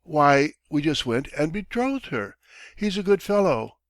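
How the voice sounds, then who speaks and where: A man's voice: fairly high pitch, sing-song, no echo, studio quality, pitched above the performer's own voice. A man reading an audiobook, voicing a blunt, self-satisfied older townsman who talks down to others. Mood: cheerful, boastful. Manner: brisk, dismissive, bossy. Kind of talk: audiobook character voice.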